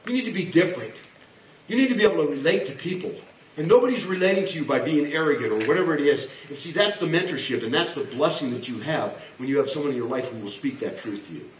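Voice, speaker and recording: A man's voice: on the high side, expressive, quick pace, slight background noise. A man in his sixties giving a blunt, joking motivational business talk to an audience, acting out the voices he quotes. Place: large hall before an audience. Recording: echoey hall, speaker far from mic.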